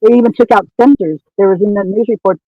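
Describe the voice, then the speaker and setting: A man's voice: sits high, fast talker, no room sound, lo-fi sound. A man who is a guest on a casual true-crime discussion, talking in an emphatic, indignant way. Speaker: podcast guest.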